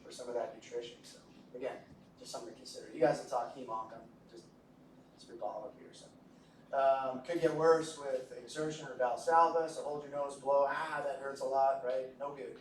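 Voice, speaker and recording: A man's voice: medium pitch, level tone, fairly quick. A man giving a medical lecture to a class, casual and joking, often asking the students questions. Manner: jokey, conversational, asks the class questions. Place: lecture room. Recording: echoey room from a distance with faint noise.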